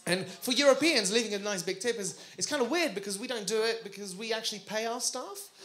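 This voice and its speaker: A man doing a stand-up routine, telling stories animatedly, laughing and switching between loud bursts and hushed asides. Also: high voice, fast talker, very noisy. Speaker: stand-up comedian. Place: live comedy stage.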